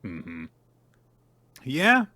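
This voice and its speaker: A man's voice: medium pitch, huge pitch swings, very slow, sharp tone, no room sound. A man co-hosting a casual manga recap podcast, retelling scenes and acting out the characters' lines. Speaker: podcast co-host.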